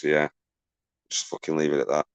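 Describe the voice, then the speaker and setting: A man's voice: a bass voice, little pitch movement, fairly quick. A man on a livestream, agitated and swearing as he reads out and answers viewer messages. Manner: agitated and ranting, swears often, shouts out viewers.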